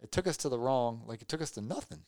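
A man's voice: medium pitch, animated, fast, darkish tone, dry recording. A man in casual chat, telling a rambling story and teasing his friend.

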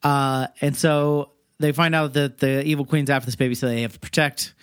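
A man's voice: mid-range voice, fairly even intonation, brisk, clean tone, dry recording, clean studio sound. A man co-hosting a podcast, recapping a film in a hesitant, rambling way full of fillers. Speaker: podcast co-host. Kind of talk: casual chat recapping a film.

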